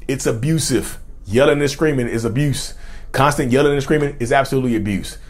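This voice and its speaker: Speaking straight to his viewers, a man offers casual on-camera commentary about mental health. His voice is medium-pitched and a little fast, and he often repeats and restarts what he's saying.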